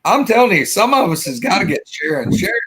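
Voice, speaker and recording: Bright-voiced man spinning yarns. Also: high voice, fast talker, breathy edge. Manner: animated yarn-spinner, folksy. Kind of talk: casual storytelling chat.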